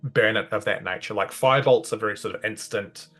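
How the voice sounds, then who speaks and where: A man's voice: on the low side, fairly quick, fairly bright tone, faint music behind. A man acting as dungeon master, narrating and explaining rules with many restarts. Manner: hesitant, restarts with "like". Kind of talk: game master narration and rulings.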